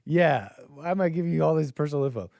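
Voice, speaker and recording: A man's voice: on the high side, quick pace, creaky, darkish tone, dry recording, studio quality. A man hosting a call-in stream in casual commentary, rambling and joking, often laughing mid-sentence. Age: adult with a child. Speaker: call-in show host.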